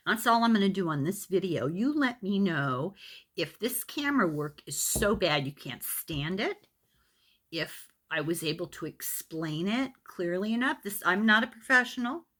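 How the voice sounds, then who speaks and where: An older woman with an Irish accent, gently talking viewers through a knitting tutorial step by step, patient and a little self-deprecating. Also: mid-range voice, lively intonation, normal speed. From Ireland. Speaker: knitting teacher.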